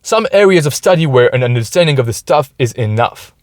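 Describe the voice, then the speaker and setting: A man chats through a casual podcast monologue from his car. His voice sits at an ordinary middle pitch and sounds close and dry, with no room echo. He keeps tagging "right?" onto his sentences and stumbles into frequent restarts. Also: animated, fairly quick. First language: French. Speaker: podcast host. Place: inside his parked car.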